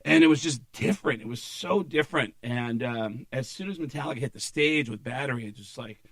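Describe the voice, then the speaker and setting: A man's voice: mid-range voice, brisk, a bit bright, dry recording. A man in his forties from Arizona, telling rambling stories as a guest on a casual podcast. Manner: rambling storyteller, lots of fillers. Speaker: comedian guest.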